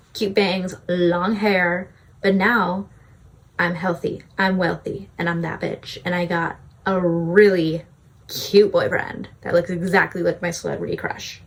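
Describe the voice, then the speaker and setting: A woman voicing her own energetic, bubbly future self, flirty and confident. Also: lowish voice, a little hiss or hum. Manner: energetic and flirty, drops to a whisper.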